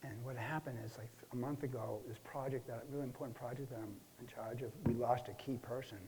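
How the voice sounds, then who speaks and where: A stressed client stumbles through his story, full of restarts and trailing fillers, as a man plays him in a counseling role-play. His voice is warm and dark, and a faint hiss sits under it. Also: medium pitch, steady tone, natural voice, low-quality recording. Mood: rattled. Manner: halting, many restarts and fillers. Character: stressed middle-aged man recounting a relapse.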